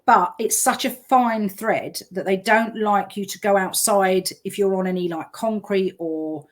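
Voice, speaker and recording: A woman's voice: mid-range voice, measured pace. A woman in casual chat as a business owner, telling stories and acting out quoted voices. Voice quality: chatty storyteller, lively quoted voices.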